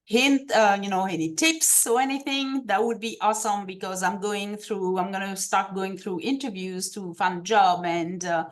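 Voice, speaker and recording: A woman's voice: medium pitch, steady tone, moderate pace, few pauses. A woman with a French accent, speaking hesitantly with many fillers, asking for advice on a video call. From France. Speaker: group participant. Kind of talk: casual group chat on a video call.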